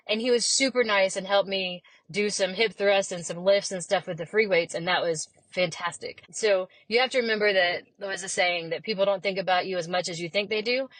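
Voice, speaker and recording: A woman's voice: medium pitch, no room sound, poor audio. Chatty woman, dry close sound. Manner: chatty, animated storyteller who acts out quotes. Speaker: podcast guest. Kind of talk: casual conversation.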